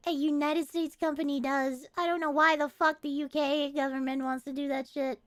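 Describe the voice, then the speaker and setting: A young adult woman streaming and chatting casually, excitable and quick to swear. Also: high-pitched, no room sound, clean studio sound. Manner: excitable and profane, swears freely. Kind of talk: casual livestream chat.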